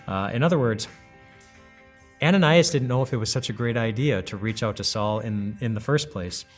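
A man's voice: mid-range voice, normal speed, faint music behind. A man giving a conversational, reflective devotional sermon as a pastor, full of rhetorical questions.

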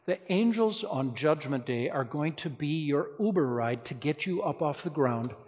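A male pastor preaching a sermon, telling stories in a lively way and speaking straight to his congregation. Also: mid-range voice. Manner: lively storytelling preacher, addresses the congregation directly. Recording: long reverb of a large hall.

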